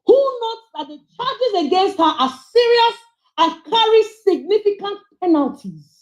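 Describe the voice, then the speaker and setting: A woman's voice: very high-pitched, big pitch swings, measured pace, reverberant, muffled recording. A woman giving passionate, scolding commentary on a livestream as she reads out charges.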